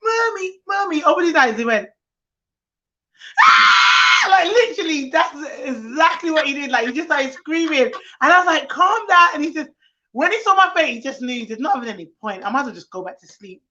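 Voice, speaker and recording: A woman's voice: high voice, fast, shouting, a little hiss or hum. A woman nanny, telling stories in casual chat and acting out children's voices. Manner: animated storytelling, acts out children's voices. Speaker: nanny, co-host. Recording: muffled lo-fi stream audio.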